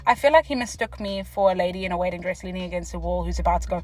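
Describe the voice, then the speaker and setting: Animated South African woman telling a story. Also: mid-range voice, rough recording. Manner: animated, jumps between whispers and loud exclamations, quick asides. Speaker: vlogger. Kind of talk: casual storytelling. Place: parked car.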